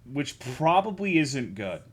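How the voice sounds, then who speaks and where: A man's voice: medium pitch, big pitch swings, slow, breathy edge. A man streaming live, chatting casually with his chat, greeting viewers and swearing a lot while joking around.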